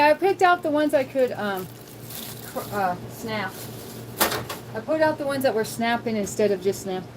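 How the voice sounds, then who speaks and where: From her home kitchen, a woman hosts a casual cooking livestream, chatting with viewers and thinking out loud. Her voice is fairly high, and the background is noisy.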